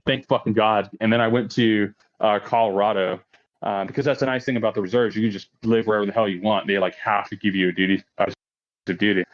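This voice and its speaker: A man's voice: lowish voice, steady tone, fast. A man in his late thirties, a podcast guest, telling a story in a casual, profane way, laughing often and acting out quoted lines in a raised voice. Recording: dull lo-fi podcast audio.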